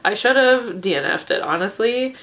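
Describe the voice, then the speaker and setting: A woman's voice: mid-range voice, expressive, moderate pace, fairly bright tone. A woman reviewing books in a casual vlog, ranting in an exaggerated way and laughing often. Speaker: book reviewer.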